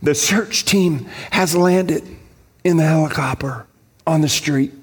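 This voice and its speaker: A man's voice: on the high side, slow, slightly rough, voice pushed up. A man voicing a mischievous three-year-old boy who whispers every answer. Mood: hushed whisper.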